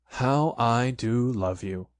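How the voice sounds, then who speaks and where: A man reading a storybook aloud and voicing a small boy who speaks gently and calmly. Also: mid-range voice, slow, no echo, clean studio sound, close to an everyday voice. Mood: tender. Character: kind, steady small boy.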